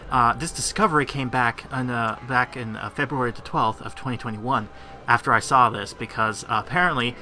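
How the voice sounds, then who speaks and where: A man's voice: mid-range voice, sharp tone, slight background noise. A man giving rambling gameplay commentary, laughing often and tripping over his words. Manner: rambling, laughing, lots of fillers and restarts. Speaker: gaming youtuber.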